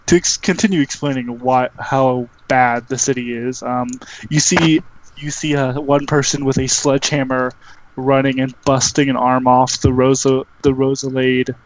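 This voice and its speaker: A man's voice: medium pitch, level tone, normal speed, slight background noise, rough recording. A man running a tabletop game as game master, narrating casually with lots of fillers over an online call. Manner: rambling, filler-heavy narration. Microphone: online call microphone.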